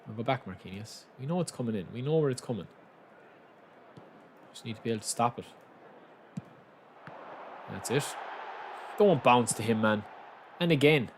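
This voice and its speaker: A young man chatting casually and commentating live on his own football game, bursting into excited shouts at big moments. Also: mid-range voice, moderate pace, pauses often, a little hiss or hum. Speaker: game streamer.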